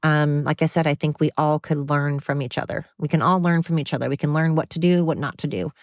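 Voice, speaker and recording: A woman's voice: low-pitched, steady tone, fairly quick, dry recording. Rambling, ranting woman podcaster. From United States. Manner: rambling and ranting, many fillers. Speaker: podcast host. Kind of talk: solo podcast rant. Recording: dull, dry, lo-fi.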